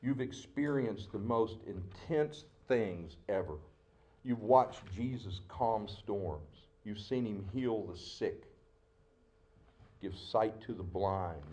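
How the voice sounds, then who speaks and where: Male pastor, middle-aged, low-pitched, emotional sermon delivery. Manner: emotional, dramatic delivery with sudden loud outbursts and hushed asides.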